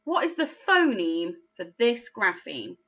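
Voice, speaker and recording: A woman teaching a phonics lesson to young children, speaking slowly with exaggerated, encouraging praise. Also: medium pitch, very animated, fairly bright tone, lo-fi sound. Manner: slow, encouraging, sing-song teacher talk with exaggerated praise. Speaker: early years teacher.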